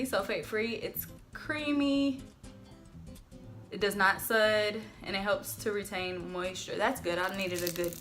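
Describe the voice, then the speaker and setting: A woman vlogging at home as she unboxes hair products, chatty and gushing with excitement. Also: mid-range voice. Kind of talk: casual unboxing vlog. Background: faint background music.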